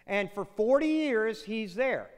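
A man delivers a sermon like a conversation, retelling a story and acting out the lines. His voice sits high and moves a lot in pitch. A long hall reverb trails every phrase. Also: expressive, takes it slowly, smooth. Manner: conversational storytelling with acted quotes and asides. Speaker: preacher.

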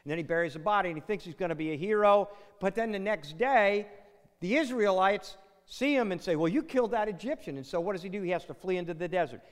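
A man's voice: high voice, fast. A man preaching a sermon in a chatty, storytelling way, acting out quotes and tossing in asides. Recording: long hall reverb.

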